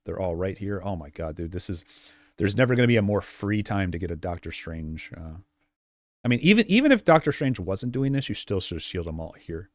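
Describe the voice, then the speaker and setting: A game coach with a fairly low voice gives live-stream gameplay coaching, talking fairly quickly with big pitch swings. He's blunt and direct, repeats his points and fills gaps with filler words, and the sound is dry and close with no room echo.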